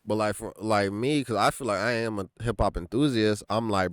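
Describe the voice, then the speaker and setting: A man's voice: lowish voice, moderate pace, no echo. A young man co-hosting a podcast, talking music in a laid-back, slangy way with lots of "like" and "bro". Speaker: podcast co-host. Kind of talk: casual chat.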